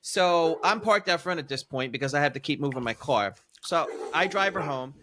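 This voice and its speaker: A man casually telling a long story on a podcast, animated and profane, his voice jumping high when he's incredulous. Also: moderate pace, background noise. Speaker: podcast co-host.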